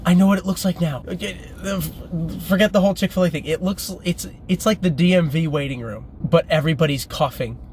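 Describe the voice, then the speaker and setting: A man's voice: fairly high pitch, a little fast, hardly any pauses, darkish tone, a little hiss or hum. A man telling a casual story-time anecdote in a chatty way, laughing as he goes. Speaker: vlogger.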